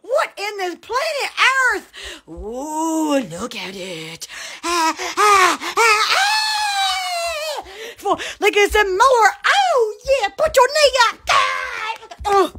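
Giggly high-voiced woman. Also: very animated, slow pace, pushed and bright. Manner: giggly, exclamatory, rambling. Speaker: livestream host. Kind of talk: casual Instagram livestream chat.

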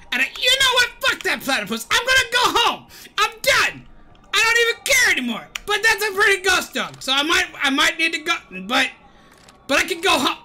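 A woman voicing a grumpy middle-aged male cartoon mad scientist, shouting and ranting over gameplay. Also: very high-pitched, slight background noise, heavily acted. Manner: shouty, ranting, self-pitying. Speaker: gaming streamer. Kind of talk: gameplay commentary in character.

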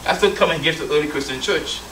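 Preaching man with a bright, roomy sound. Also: on the high side, very fast, a little hiss or hum. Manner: addresses listeners as brethren, asks call-and-response questions. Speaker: elder preacher. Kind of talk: sermon with scripture reading. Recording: roomy sound from a distant mic.

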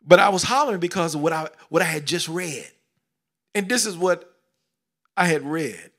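A middle-aged man preaching a sermon, swinging between loud exclamations and hushed whispers, repeating phrases and calling out questions to the congregation. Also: on the high side, animated, normal speed. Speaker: pastor.

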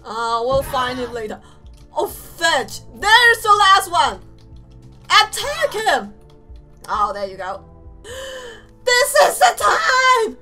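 A young woman giving let's play commentary, excitable and gleeful, shouting and playfully menacing. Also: high-pitched, takes it slowly, pauses often, music in the background. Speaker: gaming streamer.

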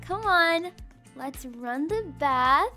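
Young woman, very high voice, bright and clear, slow unhurried delivery, playful game roleplay as a mom, baby talk mixed with chatty asides. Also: animated, soft background music.

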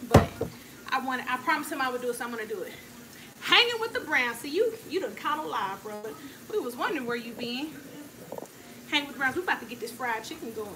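Cooking in her own kitchen, this vlogger chats casually and playfully, addressing viewers directly. She talks fast in a high, animated voice, captured on a noisy home recording.

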